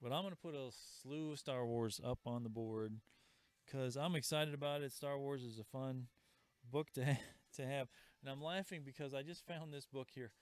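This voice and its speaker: A man hosting a live comic shop sale, chatting casually and pitching items with asides. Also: normal speed, clear, resonant tone, no echo. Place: comic store. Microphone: livestream camera mic.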